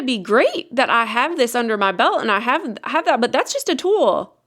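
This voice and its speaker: A woman in her thirties hosting her own podcast in a loose, heartfelt talking style. Her voice sits slightly high, and she grows emphatic as she presses each point, often saying it twice. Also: animated, moderate pace, a bit bright. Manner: passionate, emphatic, repeats phrases for emphasis. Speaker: podcast host. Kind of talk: casual motivational podcast talk.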